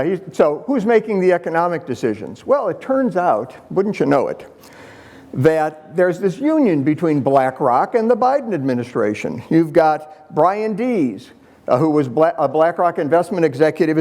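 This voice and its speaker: A man's voice: a little high, creaky, a little mellow. A man giving a conference presentation with slides, talking to the audience with sarcastic, punchy asides. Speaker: conference speaker.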